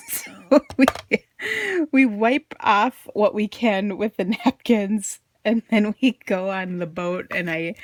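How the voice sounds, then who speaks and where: A woman's voice: lowish voice, no room sound. A woman in her thirties chatting casually as she makes a greeting card, telling a funny family story and laughing often. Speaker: card-making crafter and blogger. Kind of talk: casual storytelling while crafting.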